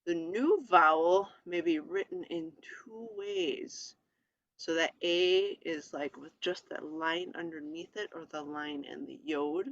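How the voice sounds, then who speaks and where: Slow, hesitant teacher with a bright tone. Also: mid-range voice, animated, creaky, no room sound, highs cut off. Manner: hesitant, frequent ums, reads letter lists aloud. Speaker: Hebrew teacher. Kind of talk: informal classroom lesson. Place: presenting a lesson from a screen share.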